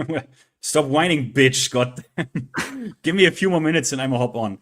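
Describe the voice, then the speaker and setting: A man's voice: fairly high pitch, animated, fast talker, lightly acted. A man reading out angry chat messages in a put-on German voice, laughing as he goes. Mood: mocking.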